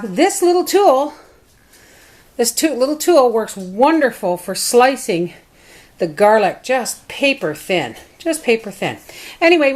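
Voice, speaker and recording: A woman hosting a homestead cooking video, chatting in a folksy way as she walks through each kitchen step. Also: on the high side. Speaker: homestead vlogger demonstrating food preservation. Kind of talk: casual kitchen demonstration.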